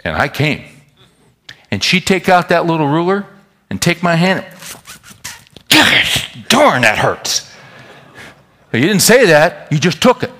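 A man preaching a sermon in a folksy, animated way, talking straight to his congregation. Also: fairly high pitch, normal speed. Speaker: pastor.

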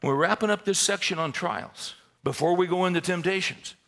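A man preaching a sermon, telling a story in a conversational way that builds to loud, intense climaxes. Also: sits high, normal speed. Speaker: pastor.

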